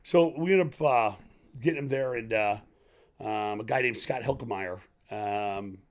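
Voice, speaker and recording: A middle-aged man talks as a podcast guest, his voice sitting a little low. He tells his story candidly and at a wandering pace, breaking into quoted dialogue and laughter along the way. The talk is loose and unscripted. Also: measured pace. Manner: animated, rambling, acts out quoted dialogue, laughs often.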